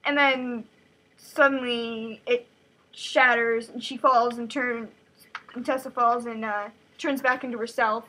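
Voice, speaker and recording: A woman's voice: on the high side, fairly even intonation, unhurried, pushed and bright, a little hiss or hum, poor audio. A woman casually summarizing a novel chapter, chatty and full of "like" fillers. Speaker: host reading a novel aloud. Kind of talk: casual book summary with asides.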